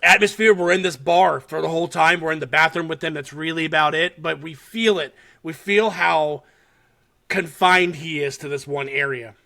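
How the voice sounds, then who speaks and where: A man's voice: a little high, moderate pace, creaky. A man co-hosting a podcast, animatedly recapping a horror short in casual chat, swearing often and laughing as he tells it. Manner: animated, swears a lot, laughs while telling.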